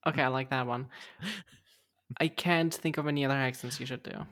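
A woman's voice: extremely low pitch, fairly even intonation, fairly quick, fairly bright tone. A woman from Germany co-hosting a podcast in casual chat, teasingly asking her co-host for accents.

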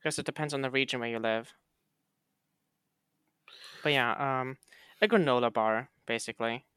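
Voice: medium pitch, normal speed, fairly bright tone, clear, resonant tone, no echo, clean studio sound. A podcast co-host in casual chat, bantering in a teasing, mock-indignant way.

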